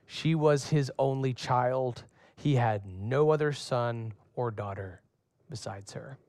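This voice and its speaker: A pastor preaching a lively sermon, acting out voices for humor and asking the congregation to answer him. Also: male voice, medium pitch, slow, no echo. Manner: asks the congregation questions and has them respond.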